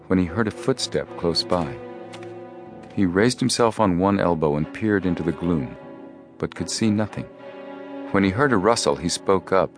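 A man reading an adventure story aloud as an audiobook narrator. His very deep voice keeps a measured, steady pace through the scenes. Soft music plays faintly behind. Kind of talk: scripted narration.

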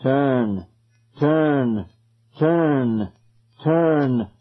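A man's voice: sits high, huge pitch swings, slow, slightly rough, phone-quality sound, voice pushed up, heavily acted. A man voicing a circle of eerie gray ghost children who murmur and chant.

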